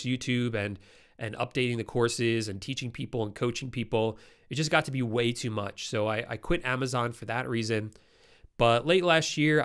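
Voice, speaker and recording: A man's voice: mid-range voice, a bit bright. A man with a congested, nasal voice from a cold, hosting a casual live-stream Q&A and answering viewer questions in a chatty way.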